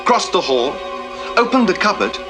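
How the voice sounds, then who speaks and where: A frantic butler. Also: male voice, high voice, sing-song, moderate pace. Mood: theatrical accusing. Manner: breathless, theatrical, accusing. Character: frantic middle-aged male butler reenacting murders. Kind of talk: film dialogue. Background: film score music.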